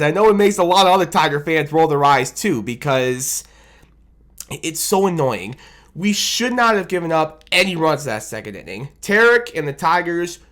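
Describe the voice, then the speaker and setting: Animated man recapping a baseball game. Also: a little high. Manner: animated, self-deprecating, rambling with restarts. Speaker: fan commentator. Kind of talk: casual sports recap. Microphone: desk microphone on camera.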